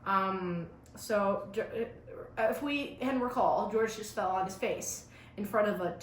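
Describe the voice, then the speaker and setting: A woman's voice: medium pitch, unhurried, a little hiss or hum. A teenage girl reading her old fan story aloud, breaking off for sarcastic, chatty asides. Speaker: vlogger. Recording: roomy echo.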